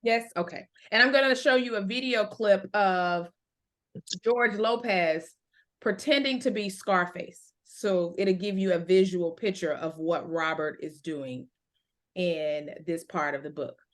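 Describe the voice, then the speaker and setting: A woman teaching an adult English book club, reading a novel aloud and then explaining it slowly and clearly. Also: medium pitch. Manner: slow, clear teacher explanations with check-ins.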